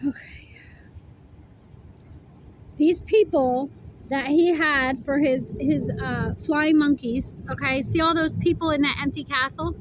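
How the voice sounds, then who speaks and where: A woman's voice: high-pitched, takes it slowly, long pauses, a little hiss or hum, poor audio. A woman giving a casual tarot reading to camera, blunt and profane, chewing food while she talks. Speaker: tarot reader.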